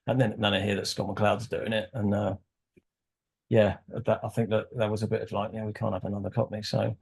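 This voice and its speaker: A man's voice: fairly low pitch, little pitch movement, moderate pace, creaky, slightly rough. A man as a podcast guest, casually telling a rambling story and acting out quoted dialogue.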